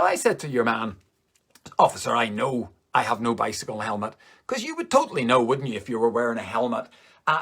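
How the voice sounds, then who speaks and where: Sweary Northern Irish comedian telling a story. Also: male voice, slightly rough. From Northern Ireland. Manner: animated, sweary, jumps in pitch for punchlines. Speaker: stand-up comedian. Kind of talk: stand-up storytelling.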